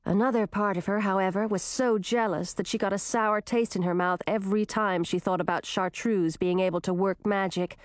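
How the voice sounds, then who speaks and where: A woman narrating a fairy tale in an expressive storytelling manner. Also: mid-range voice, moderate pace, few pauses, no room sound, studio quality. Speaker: audiobook narrator.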